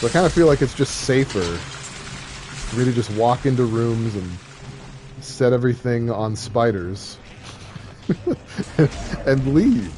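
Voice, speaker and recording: Male streamer, loose joking chatter, steady mid pitch, over clear game audio. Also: slow, long pauses. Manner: rambling, joking, many fillers. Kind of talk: casual gameplay chat. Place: home streaming setup. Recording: game audio noise underneath.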